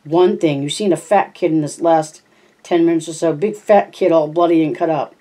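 A woman's voice: deep voice, normal speed, warm tone. A woman reading a sneering teen bully. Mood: menacing. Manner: threatening, sneering. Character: teenage boy bully, menacing and crude.

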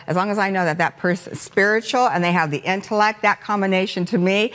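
A woman's voice: mid-range voice, quick pace, long reverb tail. Effusive older woman hosting a talk show. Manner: warm, effusive, frequent affirmations. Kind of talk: casual chat on a Christian talk show.

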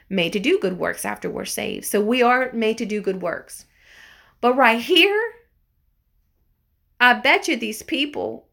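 Gravelly-voiced woman teaching scripture. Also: mid-range voice, a bit bright. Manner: reads scripture aloud, then explains in casual asides; emphatic, earnest preaching tone. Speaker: Bible teacher. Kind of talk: informal Bible study teaching.

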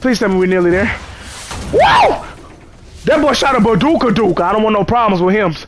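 A man's voice: sits high, very fast, slight background noise. A man giving casual gameplay commentary, joking and cursing as he chatters to the game characters. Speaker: gamer.

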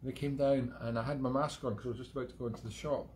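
A man's voice: medium pitch, fairly even intonation, racing, a little mellow, a little hiss or hum. A Scottish man hosting a live-streamed music show from home, chatting in a rambling, digressive way with self-mocking humour. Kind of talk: rambling casual monologue.

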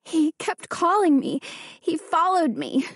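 A woman voicing a frightened young girl who speaks breathlessly in a high voice. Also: lively intonation, takes it slowly, fairly bright tone, dry recording, clean studio sound, exaggerated voice.

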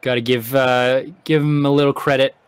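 A man's voice: medium pitch, little pitch movement, normal speed, clear, resonant tone, no room sound. Canadian male host, chatty with fillers, dry close sound, casual esports commentary. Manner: chatty, hesitant, many fillers.

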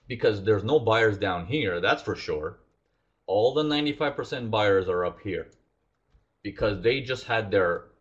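Lively lo-fi male trading instructor. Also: fairly low pitch, moderate pace. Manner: animated, acts out traders' thoughts, asks the audience questions. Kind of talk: live trading lesson.

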